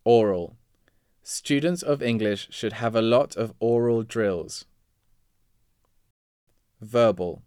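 Slow, deliberate man reading vocabulary. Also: mid-range voice, darkish tone, clean tone, no echo, studio quality. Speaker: vocabulary reader. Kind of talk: reading vocabulary words and example sentences.

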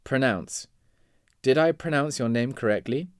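A man reading vocabulary words and example sentences in a measured, deliberate way. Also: medium pitch, smooth, dry recording, clean studio sound. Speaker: vocabulary reader.

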